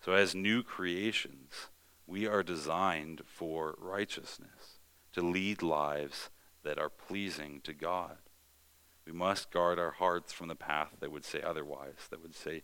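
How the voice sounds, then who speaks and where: A low-pitched man delivers a sermon, earnest and deliberate, leaning into emphasis and then easing back. His voice is bright and forceful, with a smooth, clear tone. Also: fairly even intonation. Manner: earnest preaching with rising emphasis and measured pauses. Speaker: pastor.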